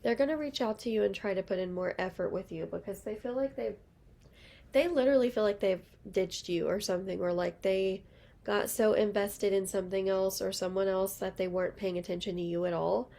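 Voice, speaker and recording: Young woman, casual tarot reader, rambling and chatty, gravelly fry. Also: medium pitch, fairly quick, warm tone. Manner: chatty, rambling, lots of fillers. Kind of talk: casual tarot reading to camera.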